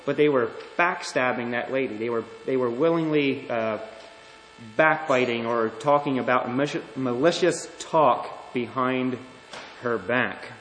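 A man preaching a sermon as pastor, earnest and deliberate, often restarting his phrases. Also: medium pitch, a bit bright. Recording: echoey hall.

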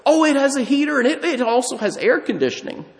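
A man voicing a smooth-talking male scam seller in a high, eager, falsely reassuring voice. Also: animated, quick pace, in a large hall, heavily acted.

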